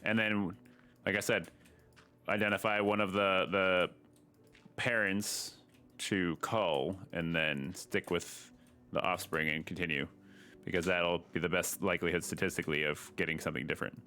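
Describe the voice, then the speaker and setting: A man's voice: low-pitched, fairly even intonation, moderate pace, sharp tone. A man chatting casually while streaming a game, joking and bantering with friends. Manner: joking, playful banter with bursts of silly voices. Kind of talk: casual gameplay chat.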